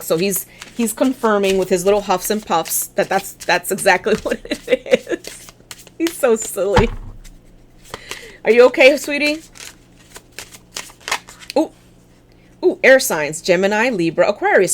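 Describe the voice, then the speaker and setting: A woman doing a tarot reading, talking straight to her viewers in a blunt, chatty and encouraging way. Her voice sits at an ordinary middle pitch, and faint card shuffling and clicks are heard behind her. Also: slight background noise. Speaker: tarot reader. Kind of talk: casual tarot reading to camera.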